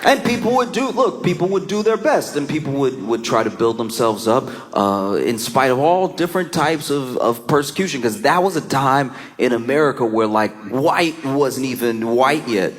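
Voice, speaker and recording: A male comedian telling a stand-up bit with lively storytelling, laughing through his lines and jumping into quick voiced asides. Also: mid-range voice, slight background noise.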